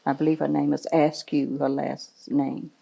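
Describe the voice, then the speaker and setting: An older woman from the American South speaks in a low voice with gravelly fry. Her tone is dark and mellow as she earnestly answers questions in an oral history interview, often affirming with brief repeated replies. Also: little pitch movement, normal speed.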